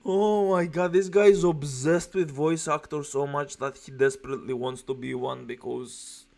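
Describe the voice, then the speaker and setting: A man's voice: medium pitch, fairly even intonation, normal speed, creaky, a little mellow. A man reacting to a stream, scornful and foul-mouthed, with a harsh delivery. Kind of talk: commentary.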